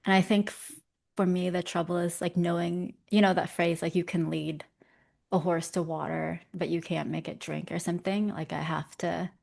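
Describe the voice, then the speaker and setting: Interview guest: young woman, low voice with a gravelly edge, chatty and self-mocking. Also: steady tone, normal speed, darkish tone. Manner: chatty and self-deprecating, laughing often. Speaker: interview guest, visual development artist. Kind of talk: casual conversation.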